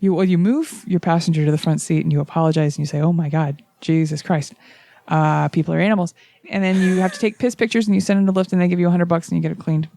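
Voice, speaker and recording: A young adult woman, a comedian guest, telling profane, animated stories in casual chat. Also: lowish voice, very fast, few pauses, no echo. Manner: profane, animated anecdotes with acted-out quotes. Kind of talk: casual chat, comic storytelling.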